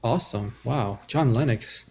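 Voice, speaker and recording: Gravelly laid-back male co-host. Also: mid-range voice, darkish tone. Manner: laid-back, halting, lots of restarts. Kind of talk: casual live-stream chat.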